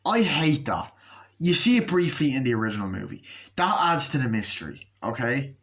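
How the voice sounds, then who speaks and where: A man's voice: mid-range voice, sing-song, moderate pace, fairly bright tone. A man giving a casual, profane movie review, sarcastic and acting out scenes in mocking voices.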